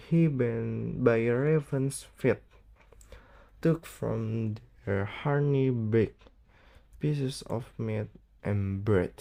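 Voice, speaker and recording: A teenage student reads a classic novel aloud, slowly and carefully. His tone is mellow and soft, and he often stumbles over words or gets them wrong. It sounds like a school read-aloud, not a polished narration. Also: medium pitch, gravelly. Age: late teens. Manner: halting, misreads words, stumbles. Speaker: student reading an audiobook.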